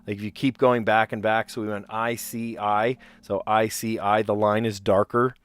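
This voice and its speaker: A man's voice: fairly low pitch, level tone, moderate pace, clean tone. A man with a light New Jersey accent hosting a live stream of word puzzles, chatting casually and rambling with frequent laughs. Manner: chatty and rambling, laughs often, reads chat aloud.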